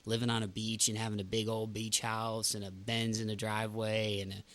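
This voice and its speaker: A man's voice: on the low side, monotone, fairly quick, fairly bright tone. A man hosting a podcast in casual chat, ranting with emphatic outbursts. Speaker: podcast host.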